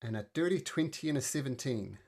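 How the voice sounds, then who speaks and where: A man running a tabletop game as game master, chatty and cheerful, with bursts of excitement when the dice go well. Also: medium pitch, a little fast, slightly rough.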